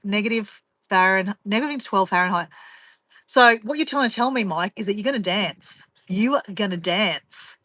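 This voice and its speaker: Australian woman vlogger, bright tense voice, dry close sound, rambling and teasing. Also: mid-range voice, no echo. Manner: rambling, chatty, laughs often, teasing. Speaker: vlogger reading viewer comments. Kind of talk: casual live chat.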